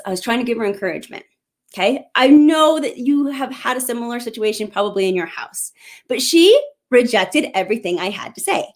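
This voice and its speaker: A woman's voice: on the high side, animated, brisk. A middle-aged woman hosting a live parenting question-and-answer talk, speaking earnestly and encouragingly straight to parents. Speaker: parenting coach and show host.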